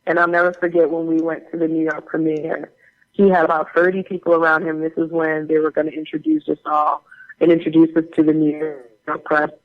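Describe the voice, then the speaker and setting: A woman guest tells stories from her work in an animated, chatty way, full of fillers and restarts. The recording sounds dull and lo-fi, with the top end rolled off. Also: low voice, brisk. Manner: animated, chatty anecdote-telling with many fillers. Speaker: guest actor. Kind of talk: casual interview storytelling.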